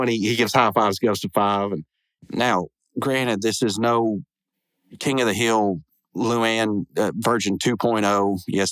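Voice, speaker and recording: Male podcast host, low voice, enthusiastic but rambling, stumbling and correcting himself, dry close sound. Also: dry recording. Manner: rambling, many restarts and self-corrections; enthusiastic, animated retelling. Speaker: podcast host reviewing a cartoon. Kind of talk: casual episode review.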